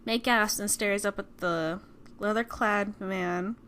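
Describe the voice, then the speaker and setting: A young woman gamer reading a story game out loud and chatting between the lines. Her voice is bright and clear-toned. A faint hum sits behind her. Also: mid-range voice, fairly even intonation, takes it slowly. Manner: chatty, reads narration aloud. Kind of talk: let's play commentary and reading.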